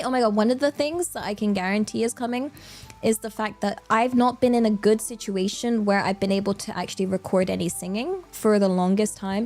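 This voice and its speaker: A woman's voice: mid-range voice, a little mellow. A woman, chatting casually on a stream in a bubbly, rambling way with lots of fillers and giggles. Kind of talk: casual chat.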